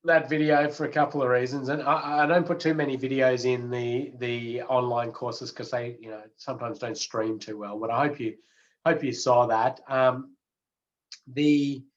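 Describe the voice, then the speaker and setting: A man's voice: mid-range voice, moderate pace, dull audio. A chatty man lecturing an online course. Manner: relaxed, chatty, with many fillers and restarts. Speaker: road safety trainer.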